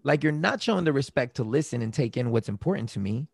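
A man in casual conversation about relationships, animated, acting out quoted arguments in raised voices. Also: mid-range voice, fast talker, creaky, breathy edge, dry recording.

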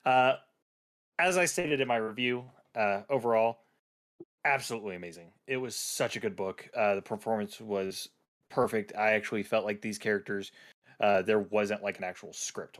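A man with a slightly low voice gushes in casual conversation. He is full of enthusiasm and fills his sentences with "uh" and "like". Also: moderate pace, a bit bright. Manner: enthusiastic, gushing, many fillers. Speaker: book reviewer. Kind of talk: casual chat.

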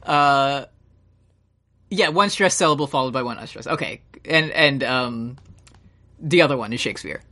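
A man's voice: medium pitch, normal speed, pauses often, pushed and bright. A man co-hosting a podcast in casual chat, an English teacher who rambles, swears and restarts often. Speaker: podcast co-host.

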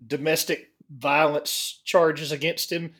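A man's voice: a little high, flat delivery, slow, sharp tone. A man chatting casually on a podcast in a matter-of-fact way, with casual curses. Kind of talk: casual chat.

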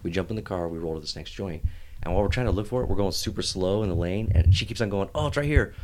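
A man's voice: sits low, fast, a little hiss or hum. A man co-hosting a casual podcast, telling a long story with lots of laughter. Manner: animated storyteller, laughs often. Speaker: podcast co-host.

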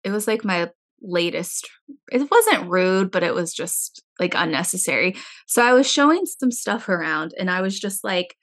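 A young woman in casual chat, telling stories with a voice that swings up and down and turns shrill when excited. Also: normal speed.

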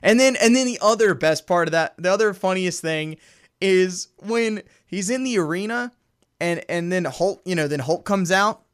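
A man with a fairly high voice co-hosts a casual movie podcast. He talks with lots of energy, laughs often and acts out scenes from films as he goes. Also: expressive, moderate pace, clear, resonant tone. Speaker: podcast co-host. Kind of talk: casual chat.

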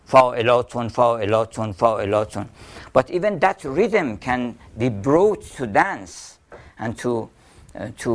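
A man with a Persian accent explaining poetry in an interview, telling anecdotes and chanting rhythms aloud. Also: mid-range voice. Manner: storytelling, chanting poetic rhythms. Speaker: poet and painter teaching Persian poetry.

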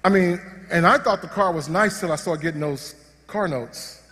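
A male pastor preaching a sermon, animated and joking, often restarting his sentences. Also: high voice, moderate pace. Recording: long hall reverb.

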